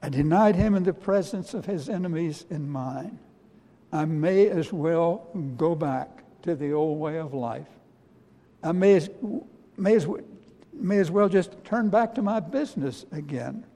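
A man preaching as the apostle Peter, a humbled middle-aged fisherman telling his own story in the first person, earnest and halting. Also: a little high, warm tone. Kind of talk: dramatic first-person sermon monologue. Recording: long reverb of a large hall.

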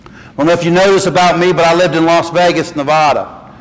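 A man's voice: a little high, fast. A middle-aged man from the North Carolina mountains, with a Southern accent, preaching a sermon in a folksy storytelling way. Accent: Southern US, western North Carolina. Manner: folksy storytelling, animated when quoting. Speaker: pastor. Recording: long reverb of a church hall.

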